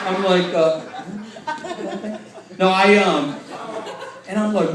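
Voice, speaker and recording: A man's voice: sits high, moderate pace, background noise. A young man telling a self-mocking stand-up story, rambling with lots of fillers. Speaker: stand-up comedian. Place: large hall with audience. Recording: echoey hall, mic from far off, loud crowd. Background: audience laughing.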